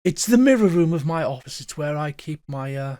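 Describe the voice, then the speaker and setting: A man's voice: fairly high pitch, expressive, brisk, dark tone, no echo, lightly acted. A man voicing a flamboyant, grandiose male ghost who directs a theatre and calls everyone darling.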